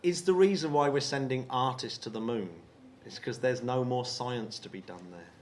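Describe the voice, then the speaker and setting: English man hosting a live show, mid-pitched, chatty and upbeat. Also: moderate pace. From England. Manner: chatty, laughing, enthusiastic. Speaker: podcast host. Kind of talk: live podcast banter on stage.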